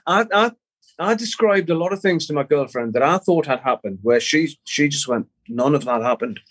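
Halting middle-aged man telling a story. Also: on the high side, a bit bright, slightly rough. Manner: halting, repeats words, swears casually. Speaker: guest musician. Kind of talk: casual interview storytelling.

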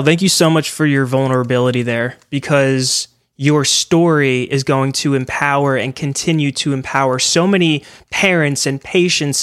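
A man with a fairly high voice hosts a podcast interview. He asks long, winding questions, and the recording is dry and close. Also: fairly bright tone, no echo. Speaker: podcast host.

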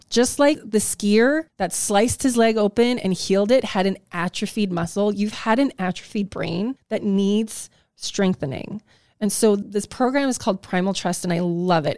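A woman's voice: medium pitch, darkish tone, dry recording, clean studio sound. Emphatic, passionate woman on a podcast. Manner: emphatic, passionate, gets heated. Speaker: health practitioner guest. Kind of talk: podcast conversation.

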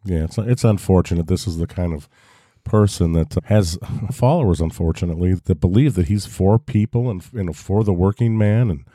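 Low, dark-voiced male podcast co-host. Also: a little fast, dry recording, studio quality. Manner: critical, wry. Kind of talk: opinionated podcast chat.

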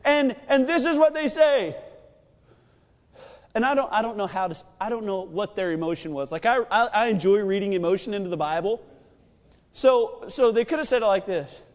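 A man preaching a sermon, telling the story with animated energy and acting out the lines of the characters. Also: high voice, moderate pace. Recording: long reverb of a large hall.

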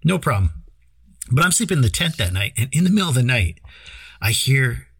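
A man's voice: medium pitch, big pitch swings, brisk, a bit bright, slightly rough, no room sound. A man from Ontario, Canada, co-hosting a podcast, telling stories in casual chat, laughing often and swearing freely. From Lanark County, Ontario, Canada. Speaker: podcast co-host.

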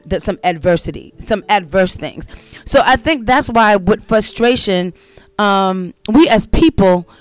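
A middle-aged woman sharing a personal testimony in a casual storytelling monologue, talking conversationally, repeating herself and speaking straight to her listeners. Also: mid-range voice.

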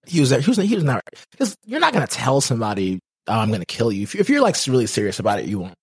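Male podcast co-host, husky, animated pitch, teasing, halting restarts, dry sound. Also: no echo. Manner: teasing, stammers and restarts while arguing. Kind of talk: casual chat.

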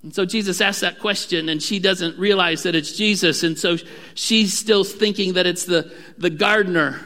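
A man preaching in a church with a high, bright, clear voice. He speaks earnestly and sometimes sinks into a hushed tone. His voice rings with a long hall reverb. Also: moderate pace. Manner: earnest preaching, drops to a hushed voice at key moments. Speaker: pastor. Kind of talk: sermon.

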